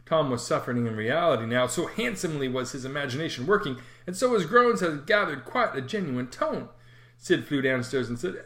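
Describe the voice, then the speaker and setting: Lively storybook narrator with a swinging voice. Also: medium pitch, moderate pace. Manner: expressive storytelling, lively inflection. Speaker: audiobook reader. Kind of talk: scripted narration of a classic novel.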